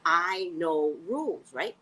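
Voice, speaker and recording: A woman's voice: on the low side, takes it slowly, slight background noise. A woman vlogger telling a story in a casual, profane rant, acting out the people she quotes. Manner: animated, profane, acts out quotes.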